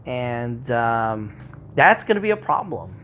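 A man's voice: medium pitch, sing-song, slow, a bit bright, a little hiss or hum. A man talking in a loose, rambling monologue, swearing freely and acting out quoted remarks.

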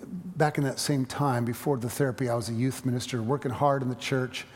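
A man's voice: mid-range voice, steady tone, fairly quick. Middle-aged male preacher, dynamic sermon delivery, long church-hall reverb. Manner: dynamic preaching, swelling loud then dropping quiet. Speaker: pastor. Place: church sanctuary.

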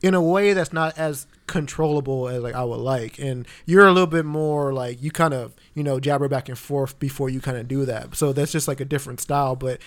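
A young man co-hosting a casual podcast in an average-pitched voice. He talks in a laid-back, easygoing way, reacting to his friend and circling through restarts before he lands his point. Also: brisk, few pauses. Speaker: podcast co-host. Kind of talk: casual chat.

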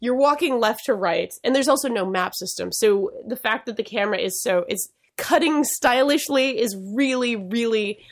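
A woman's voice: a little high, moderate pace, hardly any pauses. A woman co-hosting a podcast, chatting casually with frequent laughs and restarts. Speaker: podcast co-host. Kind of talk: casual chat.

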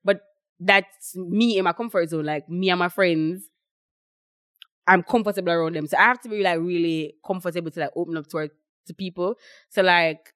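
A woman's voice: lowish voice, normal speed, fairly bright tone, no room sound. A young woman with a Jamaican accent chatting casually on a podcast, rambling with lots of fillers and quoting what others say. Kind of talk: casual chat.

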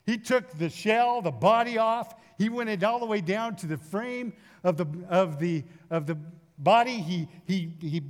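A middle-aged man, a pastor, preaching a sermon in a folksy storytelling way with lively acted asides. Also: high voice. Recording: long hall reverb.

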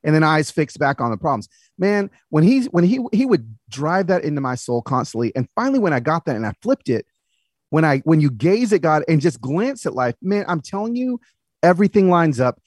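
A man talking as a podcast guest, earnest and animated, telling stories about his faith. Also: a little high, fairly quick, no room sound, clean studio sound. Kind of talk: casual conversation.

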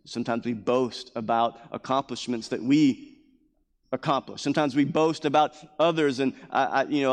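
Male pastor, slightly high-pitched, repeats phrases for emphasis, recorded in a reverberant sanctuary. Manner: acts out scripture quotes in a raised voice. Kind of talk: sermon. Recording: long hall reverb.

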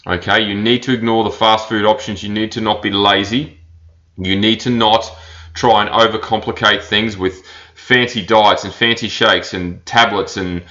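A man talks alone into a podcast mic as a personal trainer. His voice sits a little low but sounds bright and forceful. He keeps things blunt and repeats his key lines, and the recording sounds dull and lo-fi. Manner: blunt, repeats his points with plain emphasis. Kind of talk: solo podcast monologue.

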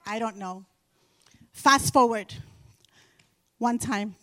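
Animated middle-aged woman sharing faith testimony. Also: a little high, slow, no room sound. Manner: animated storytelling, repeating phrases for emphasis. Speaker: Christian speaker sharing a testimony. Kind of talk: faith testimony told to an audience.

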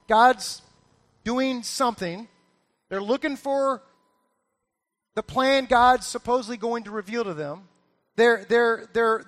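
A man preaching a sermon, animated and acting out the figures in the story with sudden loud bursts. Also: very high-pitched. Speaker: pastor.

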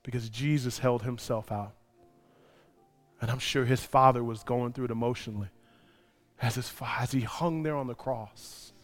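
A male pastor preaching a sermon, moving from quiet personal storytelling to loud, impassioned preaching. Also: medium pitch, fairly even intonation, normal speed, faint music behind.

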